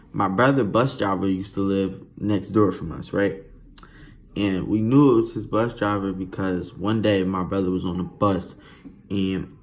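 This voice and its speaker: Low-voiced slangy storyteller. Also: male voice, slight background noise. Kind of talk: casual storytime vlog.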